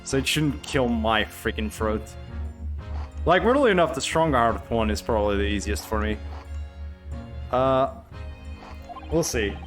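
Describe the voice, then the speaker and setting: A man streaming a live game playthrough, talking excitedly and swearing casually between lines. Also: mid-range voice, a little slow, long pauses, faint music behind.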